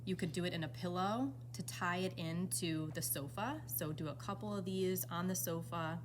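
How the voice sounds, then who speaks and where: A woman giving an enthusiastic, relaxed walkthrough of furniture fabric pairings. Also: on the low side, moderate pace, background noise. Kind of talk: product walkthrough.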